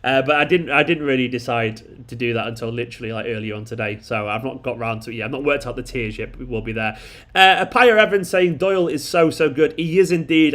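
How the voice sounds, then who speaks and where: A man hosting a football fan channel, giving an excitable live post-match reaction and answering viewer comments with emphatic repetition. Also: mid-range voice. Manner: excitable, emphatic, repeats himself.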